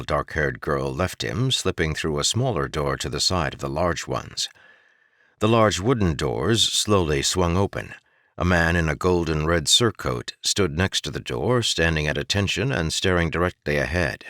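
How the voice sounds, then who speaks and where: Deep-voiced male audiobook narrator. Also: moderate pace, no room sound, studio quality. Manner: expressive storytelling with shifting character voices. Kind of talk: scripted fantasy audiobook narration.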